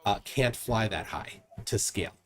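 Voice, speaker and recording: A man's voice: lowish voice, a little slow, fairly bright tone. A man hosting a live debate stream, reading viewer donations aloud and mocking his opponent with frequent laughs. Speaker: livestream debate host. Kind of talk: casual livestream chat reading donations.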